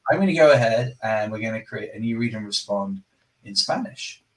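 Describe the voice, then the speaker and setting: A man's voice: fairly low pitch, animated, fairly quick. Enthusiastic rambling man on a distant mic. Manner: enthusiastic, rambling and self-correcting. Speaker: product presenter and company host. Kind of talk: live product demo chat.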